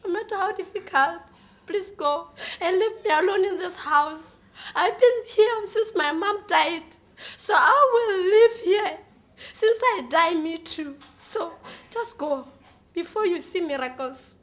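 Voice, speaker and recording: A woman's voice: very high-pitched, a little slow, bright, forceful tone, exaggerated voice. A woman from Botswana performing an audition monologue as a despairing, sick, orphaned young woman, swinging between sobbing and laughing. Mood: pleading softly. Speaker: audition contestant.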